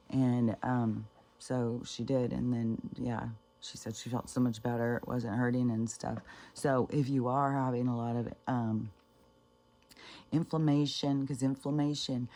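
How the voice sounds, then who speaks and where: A woman's voice: a bass voice, mellow. A woman rambling through stories in a casual vlog, swearing freely and filling gaps with ums and restarts. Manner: chatty, profane, many fillers and restarts. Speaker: spiritual vlogger.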